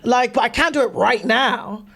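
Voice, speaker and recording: A woman's voice: fairly high pitch, normal speed. An English woman, a guest artist, chatting casually in an interview and acting out bits of conversations with a laugh. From England. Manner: animated, acts out voices, laughs often. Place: live event venue in front of an audience.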